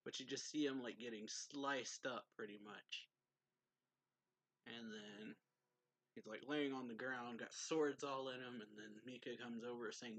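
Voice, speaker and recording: A man's voice: medium pitch, steady tone, normal speed, fairly bright tone. A man giving a casual, rambling recap of a manga chapter as a reviewer. He fills his talk with "like" and reads quoted lines aloud along the way.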